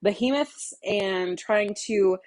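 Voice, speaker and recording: A woman's voice: medium pitch, slow, a little mellow. Chatty woman rambling in her kitchen. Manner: rambling, talkative, self-interrupting with fillers. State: a little out of breath. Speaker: cooking vlogger. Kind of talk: casual chatty kitchen vlog. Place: large home kitchen.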